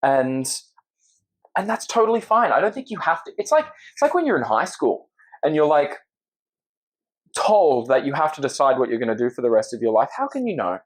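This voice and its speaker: A man's voice: on the high side, sing-song, fairly quick. Reflective young Australian man. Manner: earnest, reflective, agreeable. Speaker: podcast guest. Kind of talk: casual chat.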